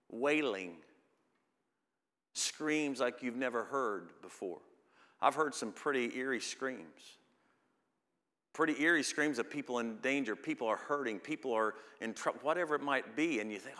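A middle-aged man preaches from the pulpit at an unhurried pace, his bright, forceful tone rising to loud emphatic peaks on scripture. His voice rings out with a long reverb through a church sanctuary. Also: medium pitch, animated. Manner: slow, swelling to loud emphatic peaks when reading scripture. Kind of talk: sermon.

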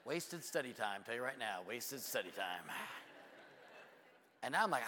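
Animated pastor in a reverberant church hall. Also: male voice, mid-range voice, normal speed, background noise. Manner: animated storytelling, acts out both sides of conversations. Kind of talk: sermon. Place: church sanctuary.

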